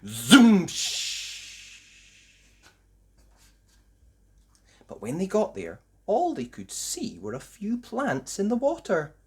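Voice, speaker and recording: A woman reading a children's storybook aloud with slow, expressive, sing-song delivery. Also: mid-range voice, slightly rough. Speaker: story reader.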